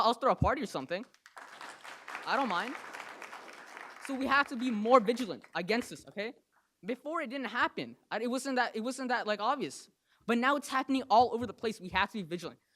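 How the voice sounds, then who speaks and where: A young man from New Jersey giving an impassioned public comment at a council meeting, fast and emphatic, ending phrases with "okay?" and "right?". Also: high voice, animated, pushed and bright, some chatter behind, a little hiss or hum.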